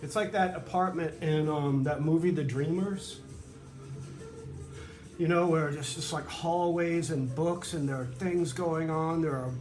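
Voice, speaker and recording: Man, violin maker, rambling workshop tutorial, fairly high voice, echoey room, music playing clearly behind. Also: fairly even intonation, a little slow, darkish tone. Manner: rambling, chatty, many fillers and asides. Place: humid workshop near the beach.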